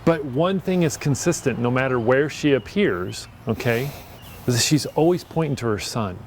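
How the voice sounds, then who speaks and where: A man's voice: medium pitch, expressive, moderate pace, slight background noise. A man who is a priest, talking in an earnest, reflective way in a casual conversation and often restarting his sentences.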